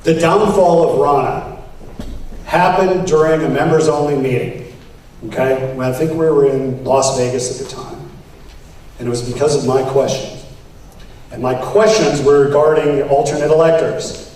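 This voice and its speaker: A man with a somewhat high voice gives an animated campaign speech to convention delegates, acting out the exchanges he retells. He sounds far from the mic in a very echoey hall, with faint background noise. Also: normal speed. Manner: animated, acts out quoted exchanges. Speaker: political candidate.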